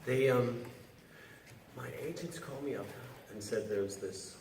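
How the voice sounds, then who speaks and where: A male actor talks through a panel story in a relaxed, rambling way, starting over often. His voice rings around a large hall and is picked up from far off with faint room ambience. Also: mid-range voice, a little hiss or hum. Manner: chatty, halting with restarts and laughs. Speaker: actor guest on a convention panel. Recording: roomy hall audio taped from far off.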